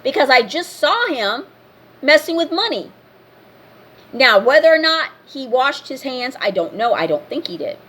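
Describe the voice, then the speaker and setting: A woman's voice: high voice, big pitch swings, moderate pace, fairly bright tone. Blunt, scolding woman ranting to camera. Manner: blunt and scolding, repeating herself. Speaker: vlogger. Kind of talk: casual rant to camera.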